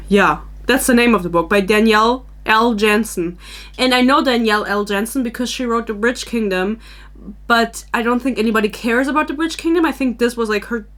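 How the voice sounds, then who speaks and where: A young podcast host from Germany talks in a loose, chatty stream, laughing at herself as she goes. Her voice sits a little on the high side for a woman. She is recorded on a small microphone mounted on her camera. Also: a bit bright. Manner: chatty, rambling, self-deprecating with frequent laughs. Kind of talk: casual chat.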